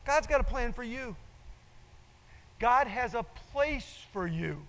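A man's voice: very high voice, expressive, slow, a bit bright. An older man, a pastor preaching a sermon with emphasis and repeating his key phrases. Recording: long reverb in a large hall.

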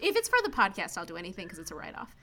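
A woman's voice: lowish voice, huge pitch swings, racing, bright, forceful tone, a little hiss or hum. A woman co-hosting a podcast, chatting about a movie and wandering off into tangents with laughs. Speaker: podcast co-host. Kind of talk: casual movie review chat.

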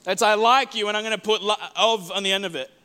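A man preaches to his congregation in a church hall. His voice sits high and has a bright edge. He moves between ringing declarations and quiet, hushed asides, often repeating words as he builds a point. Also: fairly even intonation, fast, clean tone. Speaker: pastor. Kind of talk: sermon.

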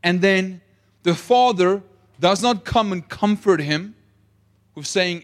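Slow, emphatic preacher man. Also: high-pitched, long reverb tail. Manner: emphatic, asks the room "right?" often; reads scripture aloud with weight. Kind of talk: sermon.

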